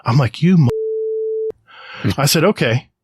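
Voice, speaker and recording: A middle-aged American podcast co-host with a fairly high voice speaks a little slowly over some background noise. In casual chat, he tells an animated story on his podcast mic, doing the voices of the people in it.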